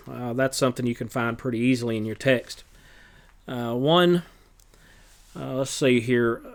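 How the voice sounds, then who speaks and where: A male teacher running a test review, talking in a plain, matter-of-fact way with frequent pauses and fillers. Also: mid-range voice, smooth. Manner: halting, many filler pauses.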